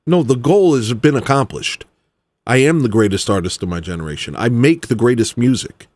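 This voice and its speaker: A man, an independent musician, ranting heatedly, swinging from low grumbling to loud exclamations. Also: expressive, fairly quick, dry recording. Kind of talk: ranting monologue.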